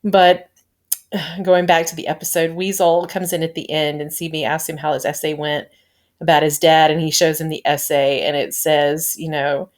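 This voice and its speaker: A woman's voice: sits low, flat delivery, moderate pace. A woman in her thirties giving a rambling, gushing fan review of a TV episode, laughing and sighing as she talks.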